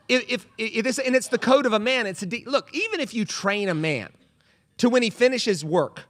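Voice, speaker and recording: A male pastor preaching a humorous sermon in a church, telling stories with playful comic voices. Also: high voice. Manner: animated storytelling with comic voices. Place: church sanctuary.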